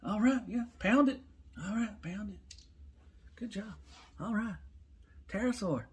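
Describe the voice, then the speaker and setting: A high, squeaky toy robot chatters away in loose, rambling banter, full of mock scolding and easy greetings, as a man puts him on for a playful skit. The voice sits far above a grown man's normal talk and stays soft and offhand. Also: measured pace, breathy edge, exaggerated voice.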